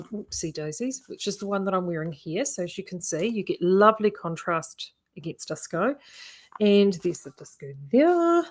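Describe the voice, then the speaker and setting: Chatty woman showing yarns. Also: mid-range voice. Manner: chatty and enthusiastic, talks to viewers. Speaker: yarn shop owner and video host. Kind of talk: casual live-stream chat about knitting yarns.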